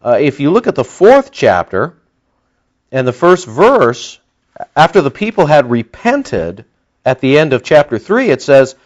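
A man preaching a sermon in an animated, conversational way, acting out the lines he quotes. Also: fairly high pitch, measured pace. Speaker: pastor. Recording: dull lo-fi sound.

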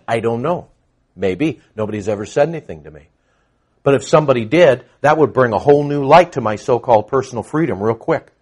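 A middle-aged man preaching a verse-by-verse sermon, moving between quiet explanation and loud, emphatic bursts. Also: medium pitch, husky. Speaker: pastor. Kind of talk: expository sermon.

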